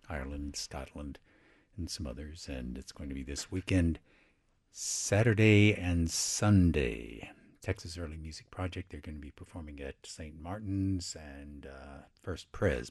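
A man's voice: extremely low pitch, a little mellow, slightly rough, dry recording, studio quality. A man hosting a classical music radio show, talking casually and chattily about the next piece. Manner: chatty, conversational, with fillers. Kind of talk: relaxed radio presenting. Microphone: studio microphone.

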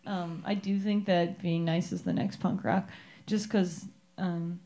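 A woman musician, a guest in a radio studio, talking in a soft-spoken, halting way during a casual interview. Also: fairly low pitch. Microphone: studio microphone.

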